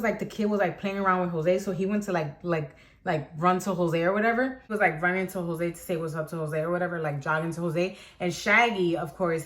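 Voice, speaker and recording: A young adult woman vlogger telling a personal story in a casual, animated way, filling her talk with "like". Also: fairly low pitch. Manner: chatty, animated, heavy use of "like".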